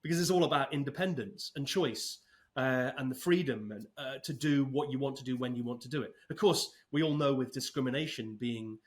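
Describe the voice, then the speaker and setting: A man's voice: medium pitch, brisk. A man in his fifties, a podcast guest talking casually with light, self-deprecating humor. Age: 50s. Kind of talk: casual interview talk.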